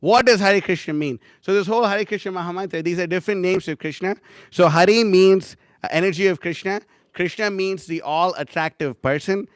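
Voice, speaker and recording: A man's voice: high-pitched, fairly quick, smooth, dry recording, clean studio sound. A young man teaching a casual class, rambling and chatty with many fillers and laughs. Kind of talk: casual class talk with anecdotes.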